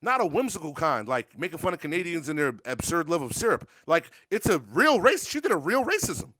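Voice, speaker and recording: A man's voice: fairly high pitch, very animated, fairly quick, bright, forceful tone, no room sound. A man hosting a show, talking in casual, profane, joking rants. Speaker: show host. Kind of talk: casual podcast banter.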